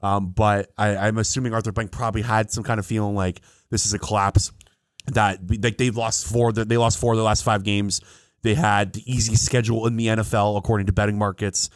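A man co-hosting a casual sports podcast, animated and quick to laugh, often talking over his co-host. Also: on the low side, dry recording, clean studio sound.

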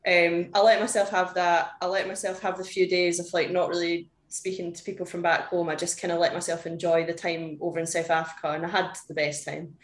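A woman's voice: on the low side, flat delivery, a little fast, hardly any pauses. A young woman, a powerlifter guest on a podcast, talking candidly and chattily with lots of "like" fillers. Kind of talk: casual interview chat. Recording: echoey room.

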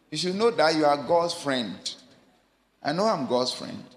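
A man preaching a sermon, emphatic, asking the congregation rhetorical questions and swinging between raised lines and low quiet asides. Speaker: pastor. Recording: long hall reverb.

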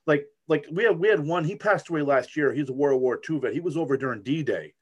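A man's voice: on the high side, fairly quick, breathy edge, lo-fi sound. A middle-aged man from the United States chatting casually as a co-host, rambling with many restarts and fillers. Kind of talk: casual chat.

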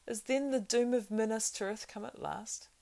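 A woman's voice: on the high side, normal speed, creaky, dark tone, voice pushed up. A woman reading a proud, doubtful warrior. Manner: proud, questioning.

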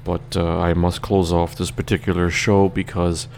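A man's voice: sits low, little pitch movement, normal speed, gravelly, a little mellow, a little hiss or hum. A man with a Trinidadian accent hosting his own radio show in a loose, chatty monologue, tired and rambling, laughing now and then.

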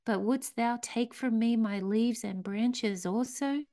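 A woman voicing a gentle, devoted bamboo plant from a parable that pleads in archaic speech and sinks to a whisper. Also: fairly high pitch, slow pace. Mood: pleading.

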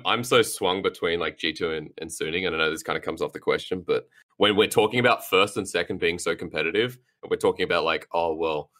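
A man's voice: sits low, pushed and bright. A male esports caster in a casual panel discussion, chatty and joking with lots of filler words.

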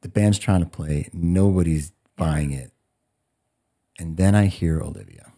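A man in his forties telling a story in a podcast interview, animated and acting out what people said. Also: sits low, measured pace. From United States. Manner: animated storyteller, acts out quotes. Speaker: guest.

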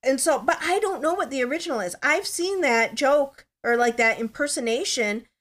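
A woman's voice: sits high, lively intonation, moderate pace, a bit bright. Chatty woman podcast host. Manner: chatty, rambling, many "like" fillers. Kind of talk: casual chat.

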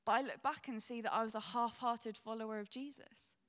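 Young woman preaching, tearful, earnest, fairly high voice, long hall reverb. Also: fairly even intonation, a little fast, fairly bright tone. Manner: earnest, emotional, candid. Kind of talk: sermon.

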